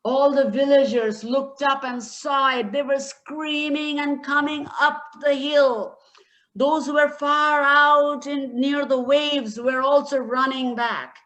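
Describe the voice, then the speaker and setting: Woman storyteller, fairly high voice, slow and dramatic retelling. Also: fairly even intonation, fairly bright tone. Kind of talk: spoken storytelling.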